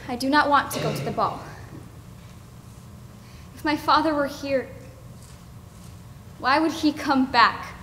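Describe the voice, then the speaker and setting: A woman's voice: high-pitched, takes it slowly, long pauses, bright, forceful tone, a little hiss or hum, exaggerated voice. Young actress as plaintive downtrodden girl, school play, heard from afar in a big echoey hall. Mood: wistful. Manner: wistful, plaintive. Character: sad, self-doubting young ash girl. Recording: echoey hall, far from mic.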